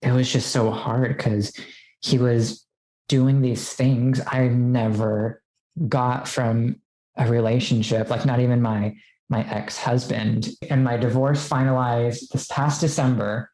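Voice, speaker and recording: A woman's voice: a bass voice, fairly even intonation, slow, warm tone, roomy sound, low-quality recording. A woman as a podcast guest, telling a personal story in casual chat, full of "like" fillers and quoting what she said. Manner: chatty, many "like" fillers, quotes herself.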